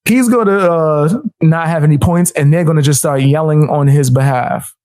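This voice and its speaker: A man's voice: fairly high pitch, normal speed, a little mellow. A man giving casual, trash-talking commentary while he reacts to a debate clip on his stream.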